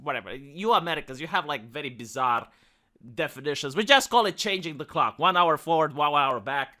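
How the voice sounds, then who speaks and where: A man's voice: fairly high pitch, animated, a little fast, pushed and bright. Romanian-accented male streamer, tense piercing tone, fed-up commentary, swears freely. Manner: exasperated, swearing, emphatic repetitions. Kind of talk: reaction commentary. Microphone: desk microphone.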